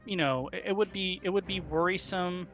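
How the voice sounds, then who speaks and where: Brief: male game master, halting narration, slightly high, bright voice. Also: lo-fi sound, faint music behind. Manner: hesitant, full of fillers and restarts.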